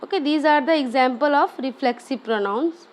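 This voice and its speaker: A woman's voice: high-pitched, normal speed. A woman teaching a grammar lesson, explaining step by step and often checking with "okay?".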